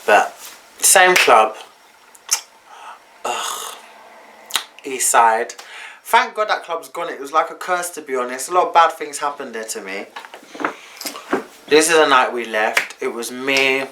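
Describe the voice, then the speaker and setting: Young guy, casual storytime vlogger, mid-pitched, chatty and slangy. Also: noisy background. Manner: chatty, slangy, candid retelling.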